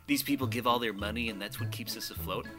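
A man's voice: lowish voice, fairly even intonation, fast talker, over music. A man co-hosting a podcast, chatting casually and joking as he reads the show's plugs and outro. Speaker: podcast co-host. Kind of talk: casual chat.

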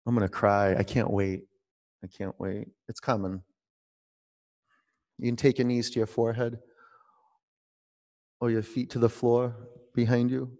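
A man guiding a yoga class at home, talking in a relaxed, conversational way and drawing out his cues. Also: medium pitch, moderate pace, long pauses, long reverb tail. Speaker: yoga teacher. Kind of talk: guided yoga class instruction.

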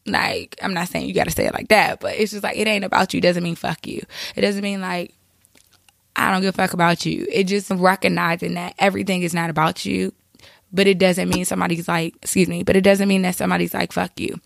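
Gravelly-voiced woman podcaster with a cold. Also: lowish voice, level tone, fast, no echo, clean studio sound. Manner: chatty, with fillers and asides. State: has a cold. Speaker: podcast host. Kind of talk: casual advice monologue.

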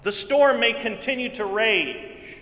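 A man preaching a sermon in earnest tones, repeating phrases and swinging from loud to hushed. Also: very high-pitched, slow pace. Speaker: pastor. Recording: long hall reverb.

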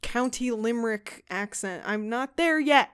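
A woman's voice: a little high, a little slow, clear, resonant tone. A woman hosting a comedy podcast, retelling a ghost story with lots of swearing and laughter. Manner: animated, swears a lot, laughs mid-sentence. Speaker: podcast host.

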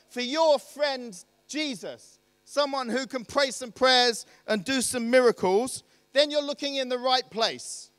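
A man with a notably high voice delivers a storytelling sermon, talking to his listeners conversationally and posing questions as he goes. The sound is close and dry, with almost no room echo. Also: fairly bright tone. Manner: conversational, asks rhetorical questions. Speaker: preacher.

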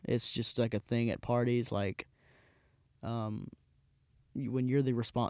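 A man in his twenties, a podcast host, telling a casual rambling story with frequent restarts and animated voices for the people in it. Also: mid-range voice, normal speed, gravelly, no echo, clean studio sound. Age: 20s.

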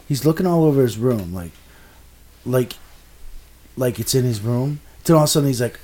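A man telling an exasperated, profane story in a casual chat, swinging between low mutters and loud outbursts. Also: sing-song, normal speed.

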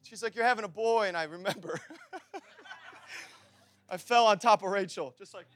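A man's voice: sits high, normal speed, fairly bright tone, a little hiss or hum. A young adult man preaching a sermon in a conversational way, acting out little dialogues and building to fervent exhortation. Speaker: pastor.

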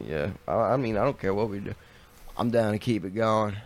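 A man's voice: fairly low pitch, a little fast. A young man chatting as a podcast co-host, telling stories with lots of swearing and acting out the people he quotes. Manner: animated storyteller, swears freely, acts out people he quotes. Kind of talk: casual chat.

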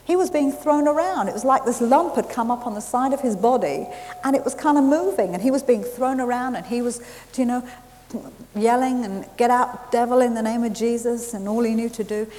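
A woman preaching a sermon, telling a lively story and laughing at herself along the way. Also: fairly high pitch, fairly quick. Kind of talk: sermon with testimony. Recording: hissy recording in a reverberant hall.

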